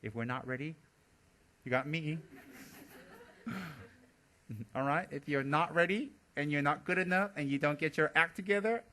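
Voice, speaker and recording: A man, a Buddhist teacher, giving a dharma talk as animated storytelling, often laughing and teasing his listeners. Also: on the high side, moderate pace, long pauses.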